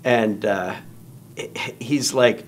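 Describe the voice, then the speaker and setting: Animated storytelling man, low voice. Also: drawn-out words. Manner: animated, acts out quotes in raised voices. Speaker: guest storyteller. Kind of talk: storytelling in casual chat.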